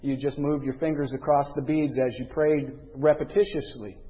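A man's voice: mid-range voice, fairly even intonation, moderate pace, dull audio. Man giving a Bible lesson in a hall. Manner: earnest, conversational teaching with emphatic scripture readings. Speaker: Bible teacher.

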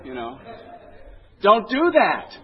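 A man acting out an impatient male psychiatrist from a comedy routine who snaps out sudden shouted commands. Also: medium pitch, flat delivery, normal speed, husky, in a large hall, highs cut off, lightly acted. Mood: yelling.

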